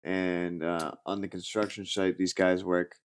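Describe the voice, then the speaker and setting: A man's voice: sits low, level tone, a little slow. A man hosting a podcast, casually telling a long joke with lots of fillers and restarts, and raising his voice for the characters in it. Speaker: podcast host. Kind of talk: casual chat.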